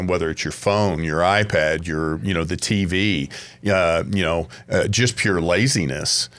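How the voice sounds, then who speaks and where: A man co-hosting a casual podcast chat, speaking in a measured, reflective way. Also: low voice, fairly bright tone. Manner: measured, reflective, many fillers. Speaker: podcast co-host.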